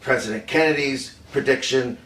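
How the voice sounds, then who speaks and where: An actor playing an older film director who recalls a secret White House meeting, telling it haltingly with many fillers and restarts. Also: male voice, medium pitch, a bit bright, natural voice. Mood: hesitant. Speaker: actor in a staged confession. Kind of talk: rehearsed improvised storytelling. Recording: roomy, distant mic, faint room noise.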